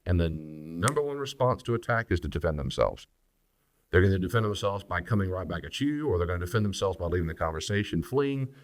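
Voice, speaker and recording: A man's voice: low voice, a bit bright. A man, a pastor, giving earnest, plain-spoken teaching on marriage and acting out sample phrases couples might say.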